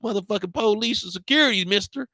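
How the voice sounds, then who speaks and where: A man voicing a stern woman at a hospital desk who warns a loud visitor to calm down. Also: high voice, quick pace, no room sound, clean studio sound, voice pushed up. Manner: stern, warning, profane.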